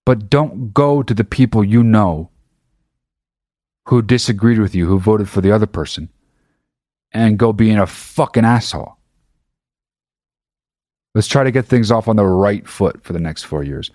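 Profane, emphatic man with a low voice. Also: a little slow, long pauses, a little mellow, no echo, studio quality. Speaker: podcast host. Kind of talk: casual monologue.

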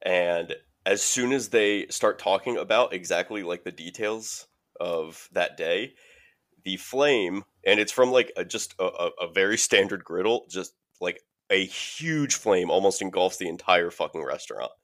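A man's voice: sits low, unhurried, a bit bright. A man hosting a podcast, retelling a horror movie's plot in a rambling, filler-heavy way. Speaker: podcast host. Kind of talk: casual movie recap.

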